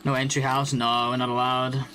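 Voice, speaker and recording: Brief: young British male streamer, mid pitch, casual running commentary, game music underneath. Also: flat delivery, normal speed, bright, forceful tone. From Britain. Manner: chatty, thinks aloud, answers chat questions. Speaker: gaming streamer. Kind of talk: casual live commentary while playing.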